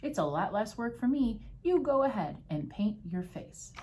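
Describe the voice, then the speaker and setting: Brief: relaxed storybook dad, read by a woman, mellow tone. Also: mid-range voice, moderate pace, slight background noise, pitched above the performer's own voice, close to an everyday voice. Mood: easygoing.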